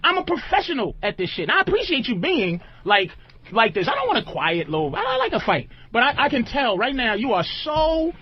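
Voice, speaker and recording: A man hosting a radio show, loudly ranting and shouting down a guest in a heated on-air argument, full of swearing. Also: very high voice, wildly swooping pitch, a little fast, breathy edge. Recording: dull lo-fi played-back show clip.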